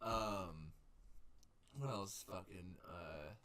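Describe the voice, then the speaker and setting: A young man co-hosting a podcast in casual chat, animated and profane, acting out TV scenes. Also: drawn-out words. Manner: animated, profane, acts out scenes in shrill voices. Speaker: podcast co-host. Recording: faulty mic with crowd noise behind.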